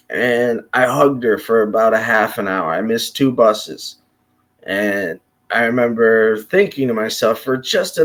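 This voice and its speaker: Slow, profane, impassioned man ranting. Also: medium pitch. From Chicago. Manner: halting, restarting sentences. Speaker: commentator. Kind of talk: unscripted monologue rant.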